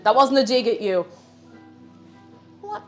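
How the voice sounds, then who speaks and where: Her pitch sits on the high side and her delivery is very animated yet slow, with a slightly mellow quality and faint music underneath. She's a young Irish woman casually chatting on a live stream as she cooks in her kitchen, giggling and reading her chat aloud.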